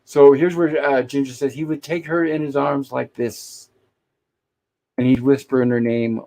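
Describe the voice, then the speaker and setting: A podcast host reviewing a classic sitcom recaps an old episode on a casual livestream, retelling scenes and briefly acting out lines. His medium-pitched voice is mellow with vocal fry, fairly even intonation and normal speed.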